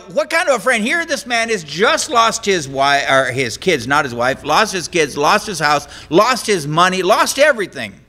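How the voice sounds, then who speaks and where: Male pastor, unhurried conversational sermon delivery, crisp bright tone. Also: high voice. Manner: conversational preaching, paraphrasing scripture in plain speech.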